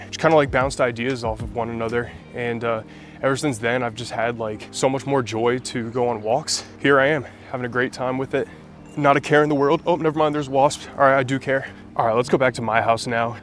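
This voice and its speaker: A young man with a stuffed-up, congested voice from a cold, talking casually and ramblingly to camera as a vlogger. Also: mid-range voice. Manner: rambling, laid-back, lots of "like". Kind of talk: casual vlog talk to camera.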